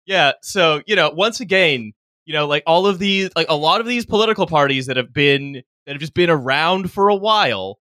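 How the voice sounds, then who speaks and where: A man's voice: on the high side, expressive, normal speed, hardly any pauses, sharp tone, no echo. A man from Canada hosting a podcast in casual, chatty talk and laughing easily. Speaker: podcast host. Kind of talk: casual chat.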